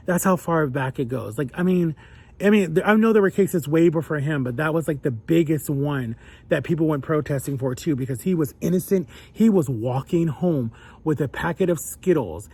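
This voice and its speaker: A man's voice: fairly high pitch, a little mellow. A young adult man talking earnestly and emotionally in a personal vlog, his voice climbing when he gets upset. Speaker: vlogger.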